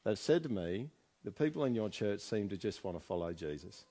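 A man's voice: on the low side, expressive, brisk, mellow. A man preaching a chatty sermon in a church, often asking the congregation questions. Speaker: pastor. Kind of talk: conversational sermon.

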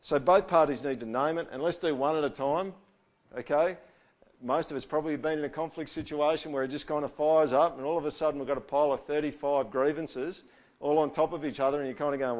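A man's voice: on the high side, fairly quick. A middle-aged man, giving a conversational talk to an audience on handling conflict. He acts out sample apologies and often checks in with "all right?".

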